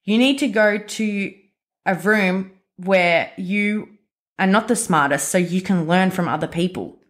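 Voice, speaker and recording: A woman in her twenties with an Australian accent talks through a casual solo podcast. She is chatty and emphatic, with lots of fillers and self-corrections. Her voice sits at an ordinary middle pitch for a woman. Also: measured pace. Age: 20s. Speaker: podcast host.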